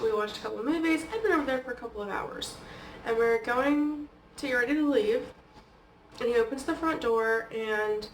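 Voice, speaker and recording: A woman's voice: a little high, a little hiss or hum. A woman vlogger telling personal stories in a casual, chatty way, often dropping "like" and "okay?". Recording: echoey room, distant from the mic.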